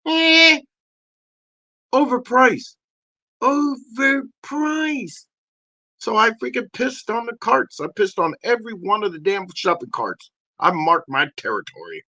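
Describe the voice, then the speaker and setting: Man putting on a loud crude male dog, high bright voice, swooping pitch, shouty rants. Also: very animated, moderate pace, highs cut off, exaggerated voice. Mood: ranting. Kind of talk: comedy podcast bit.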